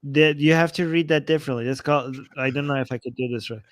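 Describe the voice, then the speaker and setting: A man's voice: medium pitch, steady tone, fast, no room sound. A man hosting a casual talk show, conversational and hedging as he reads viewer comments and questions his co-host. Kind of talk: casual debate chat.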